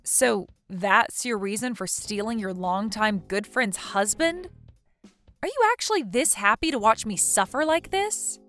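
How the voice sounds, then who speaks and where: A woman's voice: mid-range voice, expressive, a little slow, fairly bright tone, soft background music. A woman voicing a betrayed wife who confronts her cheating friend, accusing and indignant. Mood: hurt. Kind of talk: text message story dialogue.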